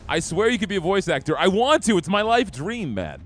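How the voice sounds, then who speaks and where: A man's voice: high voice, sing-song, a little fast, a bit bright, faint music behind. Chatty young male game streamer. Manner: upbeat, chatty, talks to chat. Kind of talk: live gameplay commentary.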